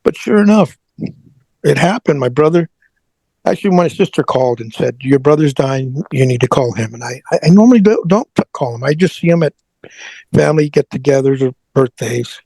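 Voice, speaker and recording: Gravelly, husky man telling his story. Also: a little high, animated, brisk, dark tone, dry recording. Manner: earnest, repeats words as he talks. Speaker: interview guest. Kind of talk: personal storytelling in conversation.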